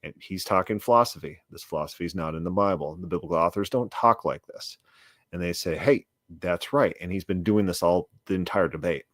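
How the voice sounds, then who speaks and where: A man's voice: low voice, quick pace, fairly bright tone, dry recording, clean studio sound. A man casually looking back on a debate he took part in, stumbling over and repeating words while bluntly dismissing his opponent. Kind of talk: casual commentary.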